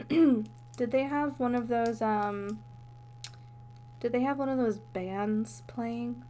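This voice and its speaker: Young woman, podcast co-host, slow-paced, giggly, meandering. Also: fairly high pitch, warm tone. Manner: giggly, easily amused, meandering stories. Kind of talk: casual chat.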